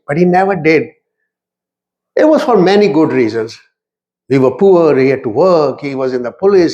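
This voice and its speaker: Animated middle-aged man. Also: a little high. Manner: lively, mixes Urdu phrases into English. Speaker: speaker at a community talk. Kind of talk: animated storytelling talk.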